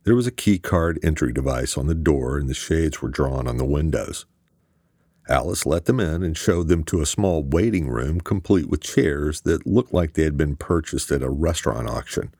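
Super deep gravelly guy reading an audiobook, dry close sound. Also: animated, moderate pace, a little mellow, dry recording. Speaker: audiobook narrator. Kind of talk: scripted narration.

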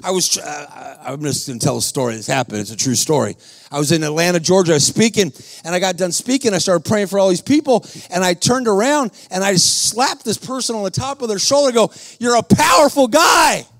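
A man preaching a sermon, telling stories in a slangy, fervent way that rises to shouts. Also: sits high, fast talker. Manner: storytelling, rising to shouts.

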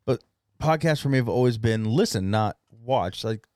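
A man co-hosting a casual podcast, talking in a halting, rambling way full of fillers. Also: medium pitch, lively intonation, darkish tone, no echo, studio quality. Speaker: podcast co-host. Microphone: studio mic.

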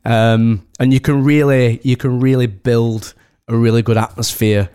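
A man's voice: mid-range voice, fairly even intonation, measured pace, dark tone, clean tone. A man from the UK, a wedding host, chatting casually as a podcast guest in a rambling way full of restarts. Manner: rambling, many restarts and "do you know what I mean".

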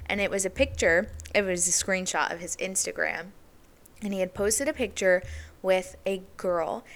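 Young woman host, candid and chatty, mid-pitched, casual confessional storytelling. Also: normal speed. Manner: candid, chatty, heavy use of "like". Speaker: podcast host.

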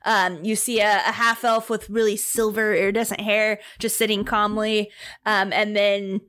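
A woman's voice: mid-range voice, level tone, moderate pace, a bit bright. A woman narrating a tabletop game as game master, chatty and full of fillers.

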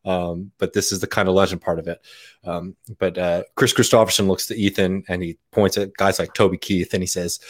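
A man with a low-pitched voice chats casually on a podcast. He tells a long, rambling story, leaning on "um" and "uh" and breaking into easy laughter. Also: level tone, a little fast. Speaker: podcast guest. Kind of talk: casual chat.

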